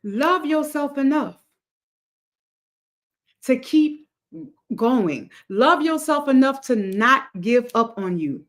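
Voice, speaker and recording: A woman's voice: high-pitched, expressive, slow, pauses often. A woman hosting a motivational livestream, talking to her chat in an emphatic, repetitive cadence like a preacher. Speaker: livestream host.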